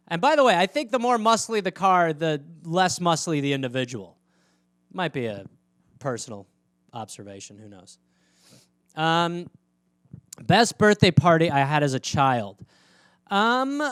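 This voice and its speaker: Podcast host, man, high voice, rambling and profane, close mic, dry room. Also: fairly bright tone, clear, resonant tone, dry recording. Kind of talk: casual comedic storytelling.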